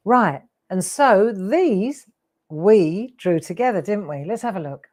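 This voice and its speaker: A woman's voice: mid-range voice, animated, slow pace, a little mellow. A woman in her sixties hosting a live craft show, chatty and rambling with laughing asides. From England. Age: 60s. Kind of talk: live craft demo chat.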